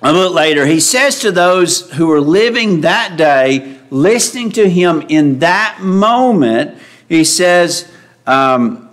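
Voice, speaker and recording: High-voiced man preaching slowly. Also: lively intonation, a bit bright. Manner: explanatory, repeats and restarts phrases, asks "right?". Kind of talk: sermon.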